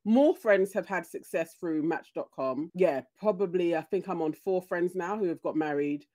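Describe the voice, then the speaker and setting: A woman's voice: on the low side, moderate pace, warm tone, dry recording. A woman co-hosting a podcast, giving emphatic, encouraging advice in casual chat. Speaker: podcast co-host.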